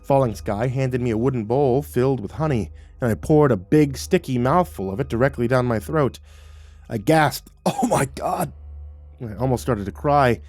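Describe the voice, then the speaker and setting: A man's voice: medium pitch, moderate pace, no room sound. A man telling a first-person horror story as a narrator, in a vivid, profane manner. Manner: vivid, profane, grows excited.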